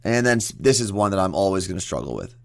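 A young man co-hosting a radio show, joking and chatting quickly with his co-host. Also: low-pitched, very animated, vocal fry, dry recording. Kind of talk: casual radio banter.

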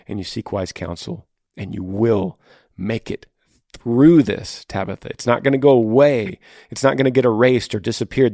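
A man's voice: on the low side, a little mellow, no echo, studio quality. A man hosting a podcast, giving earnest, encouraging faith-based advice to a listener and repeating phrases for emphasis. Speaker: podcast host answering listener questions.

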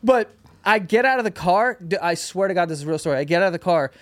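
Male podcast guest, quick profane storyteller, slightly high voice. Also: no room sound. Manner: rapid, profane, animated storytelling with acted quotes. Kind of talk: casual storytelling.

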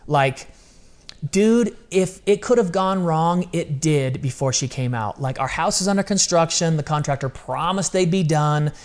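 A man in his thirties, a guest telling a personal story in casual chat, animated and full of slang. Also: fairly high pitch, a little slow. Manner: animated, casual slang, acts out quoted voices.

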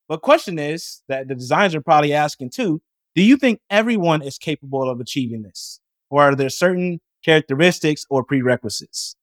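A podcast host with a fairly high voice affirms what his guest says and then asks the next question. The sound is dry and close, with no room echo. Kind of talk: interview host.

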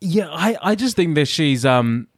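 A man with a Liverpool accent chatting casually as a co-host, animated and acting out little quoted exchanges. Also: a little high, unhurried, dry recording, clean studio sound. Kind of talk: casual chat.

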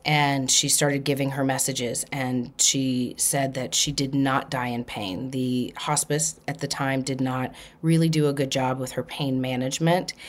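A woman hosting a podcast, telling a personal story in an animated way and acting out the people in it. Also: rumbling low. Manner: animated, acts out quoted voices. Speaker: podcast host. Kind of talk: storytelling monologue.

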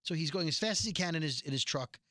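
A man recaps a TV episode on his casual podcast, chatting and joking with plenty of rambling asides. His voice is bright, a little high, animated and fast, recorded dry and close with no room echo.

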